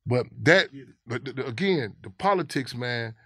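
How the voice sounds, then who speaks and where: A man's voice: medium pitch, lively intonation, moderate pace, bright, forceful tone, no echo. A man from Chicago, a guest in a casual interview, telling stories in a rambling, profane way and often repeating his words.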